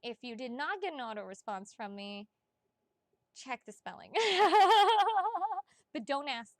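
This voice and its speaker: Giggly woman rambling on a livestream, high bright voice, dry close mic. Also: animated, dry recording. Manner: bubbly and giggly, chatty, talks fast with asides. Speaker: psychic reader, livestream host. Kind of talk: casual livestream chat.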